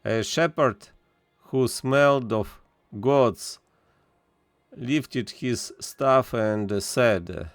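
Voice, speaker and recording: Very slow, smooth male narrator. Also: medium pitch, dry recording, faint music behind. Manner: measured, deliberate reading with occasional fillers. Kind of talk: audiobook reading.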